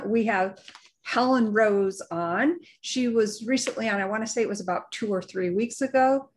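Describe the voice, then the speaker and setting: Excited lady podcast cohost gushing about guests, mid-pitch voice. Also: normal speed, slight background noise. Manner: gushing, effusive. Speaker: podcast co-host. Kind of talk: casual chat.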